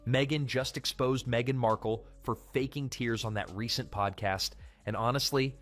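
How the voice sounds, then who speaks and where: A man's voice: mid-range voice, fairly even intonation, moderate pace, a bit bright, faint music behind. Punchy male commentary narrator. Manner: punchy, dramatic delivery.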